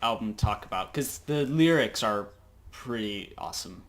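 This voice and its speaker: A man's voice: on the low side, animated, normal speed. A teenage boy co-hosting a music podcast, rambling and hesitant, with frequent laughs in casual chat. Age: teens. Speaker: podcast co-host.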